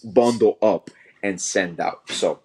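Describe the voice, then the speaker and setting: A man co-hosting a casual sports podcast, talking in a relaxed, measured way. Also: on the low side, a little hiss or hum. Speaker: podcast co-host.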